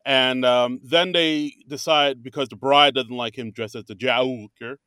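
A man's voice: mid-range voice, steady tone, bright, forceful tone, clear, resonant tone, dry recording, clean studio sound. A man co-hosting a podcast, chatting casually and rambling through his thoughts with many fillers and restarts. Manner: rambling, halting, lots of fillers. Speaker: podcast co-host. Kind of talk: casual chat reviewing a comedy show. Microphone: remote call recording.

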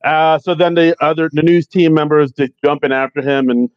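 Male podcast co-host, slightly high, relaxed and wry, dull dry recording. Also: brisk, smooth, no echo. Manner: laid-back, laughs often, wry. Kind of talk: casual movie recap chat.

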